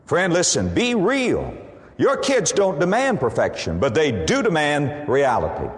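Man, pastor delivering a sermon, fairly high voice with big swings in pitch, booming hall reverb. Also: wildly swooping pitch, a little slow. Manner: preaching with rising emphatic bursts and Bible quotations.

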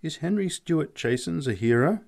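A man's voice: on the high side, expressive, moderate pace, gravelly, darkish tone, pitched above the performer's own voice. A man reading an audiobook and voicing a dry, wry young man close to his own voice.

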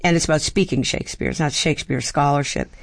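A woman's voice: sits low, fast talker, creaky, no echo. This is a woman in her seventies from Baltimore, a seasoned actor and playwright, reflecting on her craft in an interview. She talks thoughtfully and slips into the voices of people she has met. The sound is close and dry. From Baltimore, USA. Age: 70s. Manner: thoughtful, acts out quoted voices and rhythms.

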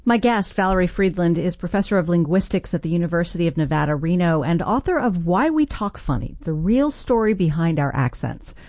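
A middle-aged woman hosting a public radio interview, asking measured questions and reading scripted introductions. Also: lowish voice, animated, darkish tone, dry recording. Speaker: radio show host.

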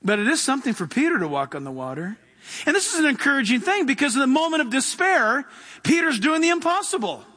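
High, bright-voiced male preacher. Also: sing-song, quick pace. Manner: impassioned, asks the congregation questions. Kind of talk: sermon. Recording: long hall reverb.

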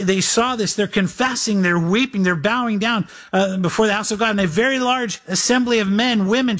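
A man with a notably high voice delivers a sermon to his congregation. He reads scripture aloud and voices his listeners' objections before answering them. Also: a bit bright. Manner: earnest preaching, quotes scripture and acts out listeners' objections. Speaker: pastor.

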